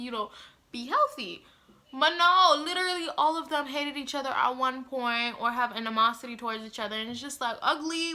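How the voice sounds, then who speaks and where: A woman's voice: on the high side, pushed and bright. A young woman vlogger giving blunt, sassy commentary to her viewers, full of slang and "like" and "you know". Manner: sassy, blunt and exaggerated, addresses viewers as y'all. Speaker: vlogger reviewing a TV show. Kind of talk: casual opinionated commentary to camera.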